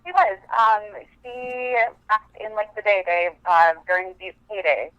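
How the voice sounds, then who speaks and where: A woman's voice: medium pitch, a little slow, fairly bright tone, no echo. Woman caller, chatty and rambling, on a dull, dry phone line. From Montana, USA. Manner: chatty, rambling with many fillers. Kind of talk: casual phone-in storytelling.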